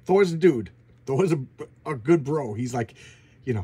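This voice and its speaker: Male host, casual review vlog; husky, eager, tumbling and repetitive delivery. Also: medium pitch, normal speed. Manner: excitable, gushing, repeats words. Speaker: comic book channel host. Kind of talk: casual comic book review.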